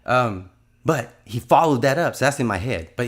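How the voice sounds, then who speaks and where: A man's voice: medium pitch, expressive, moderate pace. A man in his fifties telling a religious testimony in an earnest, rambling way, often restarting his sentences. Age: 50s. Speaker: testimony speaker.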